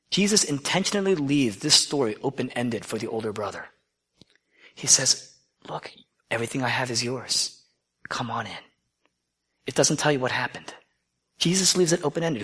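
A man's voice: medium pitch, a bit bright, husky. A man preaching a sermon, retelling a parable with dramatic storytelling and acting out the characters' lines. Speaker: pastor.

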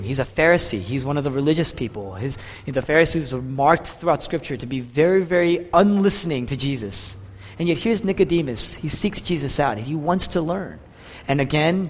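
Preaching man in a reverberant hall. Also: a little hiss or hum. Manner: dynamic preaching, rising and falling in pitch and loudness. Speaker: pastor. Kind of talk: sermon. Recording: long reverb of a large hall.

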